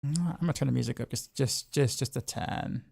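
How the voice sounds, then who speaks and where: A man streaming a game chats through his choices, repeating words and trailing off easily. His mid-pitched voice has a heavy gravel to it, recorded dry and close. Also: fairly quick, a little mellow, no room sound. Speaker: game streamer and music teacher. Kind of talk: casual gameplay commentary.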